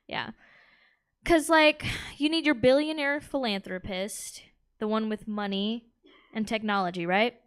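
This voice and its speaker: Woman doing stand-up in a club, bawdy and brash, smooth clear voice, kinda high. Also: unhurried. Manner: brash, bawdy, laughing at her own jokes. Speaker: stand-up comic. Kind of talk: stand-up set. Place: comedy club stage.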